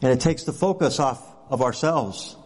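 A man's voice: medium pitch, moderate pace, a little mellow, husky. Pastor man preaching in reverberant hall. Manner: conversational, rhetorical questions, often adds "right?". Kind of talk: sermon.

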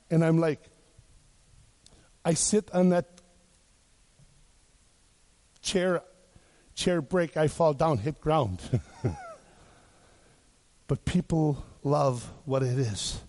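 Man, preacher, from Wisconsin, high-pitched, rhetorical questions, humorous asides. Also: drawn-out words, pauses often, a little mellow. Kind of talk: sermon.

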